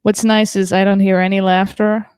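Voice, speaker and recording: A woman's voice: mid-range voice, flat delivery, moderate pace, a little mellow, clean tone, dry recording. A woman from Germany doing a stand-up comedy set over a video call, chatty and self-deprecating with many fillers.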